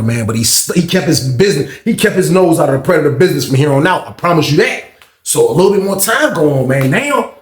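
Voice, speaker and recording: A man casually telling a prison story, acting out the people in it with raised, excited voices. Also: on the high side, echoey room. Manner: animated, acts out quotes in raised voices.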